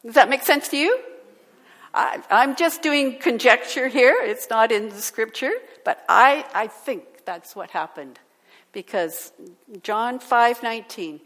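A woman preaching a sermon, asking her listeners questions and turning animated as she goes. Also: on the high side, a little slow. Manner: animated, asks the audience questions. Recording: long hall reverb.

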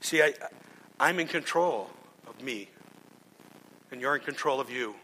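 Slight background noise and a long hall reverb accompany a male pastor preaching, who tells his stories earnestly but keeps restarting. He is unhurried, with a medium-pitched, bright, forceful voice.

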